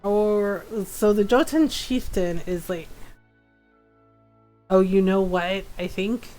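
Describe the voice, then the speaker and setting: A woman's voice: medium pitch, slow pace, darkish tone, soft background music. A woman game streamer chatting casually while she plays, rambling and laughing through her stories. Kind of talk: casual live-stream chat while playing.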